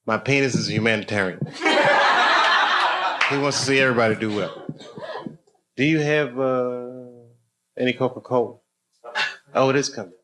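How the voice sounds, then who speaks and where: In a noisy comedy club full of audience laughter, a man in his fifties does loose stand-up, chatting with and teasing the crowd. His mid-range voice moves at a moderate pace with frequent pauses.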